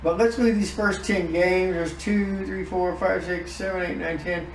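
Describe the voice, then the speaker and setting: A man giving casual commentary on his own game season, reacting out loud to each win and loss. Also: high-pitched, fairly even intonation, normal speed, reverberant, far from the mic, a little hiss or hum, rough recording. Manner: emotive, groans and exclaims over results. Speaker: gaming YouTuber.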